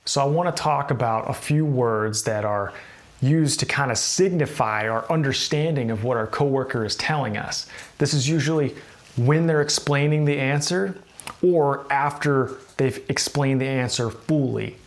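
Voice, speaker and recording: A man's voice: medium pitch, normal speed. A man with an American accent teaching workplace English, explaining casually and acting out example phrases. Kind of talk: instructional explanation to camera.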